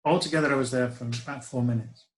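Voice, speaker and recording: A man's voice: medium pitch, fairly even intonation, fast, low-quality recording. A middle-aged man, telling a personal story in a reflective, wry way with hesitant restarts. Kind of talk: first-person spoken storytelling.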